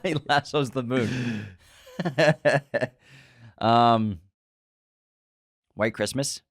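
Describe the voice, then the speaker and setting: A man's voice: mid-range voice, very slow, no echo, studio quality. A man co-hosting a podcast, a playful quizmaster who laughs often in casual chat. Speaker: podcast co-host.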